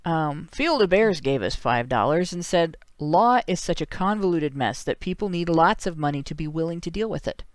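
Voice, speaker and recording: A man with a Northern Ohio accent hosts a livestreamed talk show and reads viewer donations aloud. His voice is smooth and clear and sits a little high for a man. He is dry and sardonic, and he breaks off into chuckling asides. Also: animated, moderate pace, hardly any pauses, no echo. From Ohio, USA.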